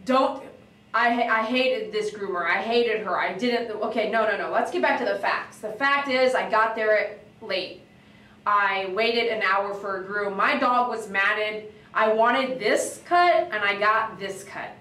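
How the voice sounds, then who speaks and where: A woman dog groomer chatting on a livestream, reading viewer comments and telling stories in an animated, excitable way that breaks into shouts. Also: medium pitch, measured pace, far from the mic. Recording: echoey room, voice away from the mic.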